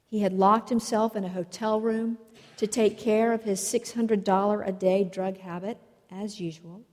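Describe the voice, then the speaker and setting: A woman preaching a sermon, telling stories in a slow, measured way. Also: medium pitch, fairly even intonation, a little mellow. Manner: slow, measured storytelling delivery. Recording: long reverb of a large hall.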